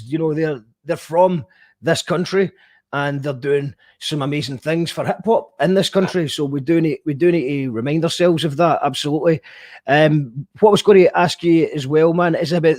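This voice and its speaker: A man's voice: a little high, normal speed, a little mellow. A man hosting a casual interview, easygoing and casually sweary, often restarting his sentences. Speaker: interview host.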